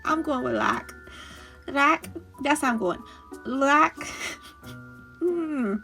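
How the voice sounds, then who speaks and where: A woman's voice: high voice, extremely slow, creaky, sharp tone, soft background music. A woman recapping a series episode in a casual chat, laughing often and teasing the characters as if she were talking to them. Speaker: show recap host. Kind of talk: casual reaction commentary.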